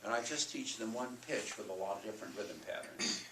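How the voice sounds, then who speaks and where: Pushed and bright, this older man's low voice is expressive and a little fast, picked up from a distance in a roomy hall with slight hiss or hum. Lecturing college students on teaching music, he demonstrates by singing solfège and chanting rhythm syllables.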